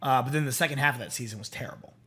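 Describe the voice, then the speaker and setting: A young man co-hosting a casual chat about TV shows, talking in an animated way and acting out quoted lines. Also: mid-range voice, racing. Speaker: co-host.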